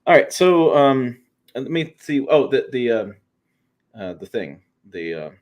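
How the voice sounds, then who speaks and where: Co-hosting a truck show livestream, this man has a medium-pitched, darkish voice and a very animated yet unhurried delivery. His talk is casual and rambling, full of restarts and fillers.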